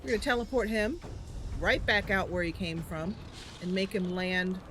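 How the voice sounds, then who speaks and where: A woman's voice: medium pitch, fairly even intonation, normal speed, fairly bright tone, a little hiss or hum. A woman streaming a game, chatting and muttering her plans to herself as she plays. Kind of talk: thinking aloud while playing.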